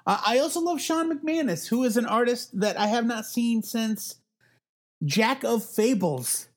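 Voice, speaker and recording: A woman co-hosting a comics podcast in easygoing casual chat, quick to laugh. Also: fairly high pitch, expressive. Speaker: podcast co-host.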